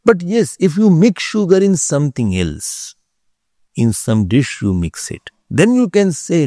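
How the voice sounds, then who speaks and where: A man teaching a philosophy class, explaining slowly, repeating key terms and checking whether his listeners follow. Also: on the high side, sing-song, dark tone, no echo, clean studio sound. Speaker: spiritual teacher.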